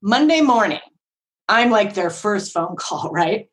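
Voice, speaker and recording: A woman podcast guest telling a story in a chatty, animated way, often acting out voices with big swings in pitch. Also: a little slow, rough recording. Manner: chatty, frequent fillers like "like" and "right?". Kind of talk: casual storytelling.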